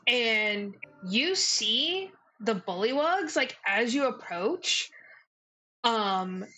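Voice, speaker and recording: A woman's voice: medium pitch, bright, forceful tone, a little hiss or hum, poor audio. A woman as dungeon master, narrating a tabletop game in a playful way with frequent laughter. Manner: playful, laughs often, hesitant fillers.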